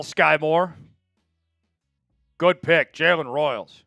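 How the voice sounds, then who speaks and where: A man's voice: fairly high pitch, normal speed, clear, resonant tone, no room sound, faint music behind. A man hosting a live draft stream, chatting casually with viewers and hyping each pick. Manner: chatty, excitable, hypes viewers for likes.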